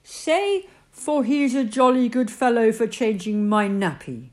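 A woman voicing a rough-talking male burglar who speaks loudly and exclaims, drawing out his words. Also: on the high side, lively intonation, unhurried, voice pushed up. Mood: exclaiming.

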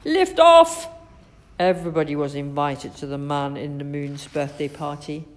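A woman reading a children's story aloud in an expressive, sing-song way. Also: low voice, moderate pace.

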